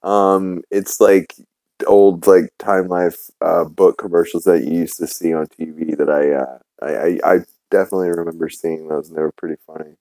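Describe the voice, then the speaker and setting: A man's voice: sits low, fairly even intonation, normal speed, a little mellow, no room sound. A man hosting a podcast, casually recapping a cartoon episode with lots of ums and uhs. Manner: rambling, many fillers. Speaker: podcast host.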